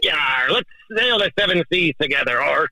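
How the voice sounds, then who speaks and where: A man's voice: a little high, expressive, normal speed, vocal fry, full character voice, poor audio. A man putting on a boisterous pirate captain voice to flirt. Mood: hammy. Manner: loud, hammy pirate accent.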